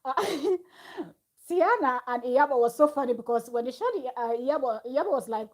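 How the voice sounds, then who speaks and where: A woman's voice: sits high, animated, moderate pace. A woman recapping a reality show in a chatty, gossipy way, laughing often. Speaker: reality TV reviewer. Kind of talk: casual recap chat.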